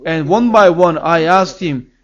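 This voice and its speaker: A man's voice: on the high side, a little slow, fairly bright tone, highs cut off. A man preaching a sermon as pastor, earnest and emphatic, his voice rising on key phrases.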